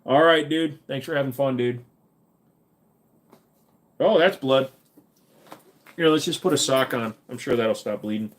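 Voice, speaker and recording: A man's voice: medium pitch, measured pace, long pauses. A tired, cranky man hosts a casual live stream from home, answering viewer questions. He has a slight Minnesota accent. He wisecracks and swears offhandedly. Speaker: livestream host.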